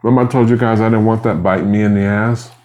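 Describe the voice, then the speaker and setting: A man's voice: on the low side, steady tone, quick pace, darkish tone. A man vlogging at home as he eats, talking casually in a rambling, mildly aggrieved way between bites. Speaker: mukbang vlogger. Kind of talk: casual eating vlog.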